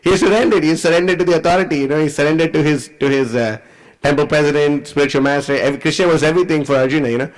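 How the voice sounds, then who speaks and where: A man preacher telling a scripture story in an animated, conversational way, full of "you know.". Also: fairly high pitch, racing, low-quality recording. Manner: animated, conversational, many fillers.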